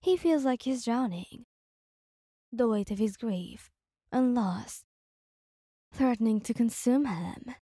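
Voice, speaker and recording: A woman narrates a second-person ASMR story in a soft, unhurried way. Her voice sits a touch high yet sounds mellow and dark in tone, recorded dry and close. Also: lively intonation, breathy edge, no echo.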